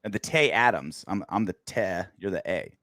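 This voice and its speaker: A man's voice: low voice, lively intonation, moderate pace, fairly bright tone, dry recording, studio quality. A man co-hosting a post-game football podcast, bantering crudely and joking. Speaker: podcast co-host.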